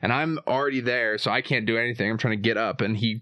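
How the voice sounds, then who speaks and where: A man's voice: medium pitch, fast talker, pushed and bright, no echo. A man hosting a podcast, chatting casually and joking, swearing freely. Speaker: podcast host. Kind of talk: casual chat. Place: indoor room over a meal.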